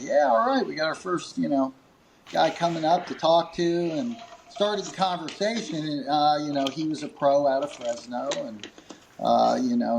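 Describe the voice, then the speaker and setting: In a poor-quality recording with a little hiss or hum, a creaky-voiced man who runs a grip company tells a long interview story. He's animated, acting out quoted lines with jumps in pitch and chuckling between fillers.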